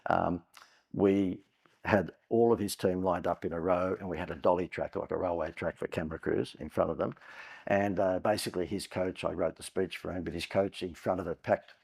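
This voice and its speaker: A man's voice: low-pitched, fairly even intonation, normal speed, vocal fry, a little mellow, husky. A man, a guest on a podcast, telling long anecdotes in a chatty way with frequent "uh" fillers. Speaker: guest entrepreneur. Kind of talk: conversational storytelling.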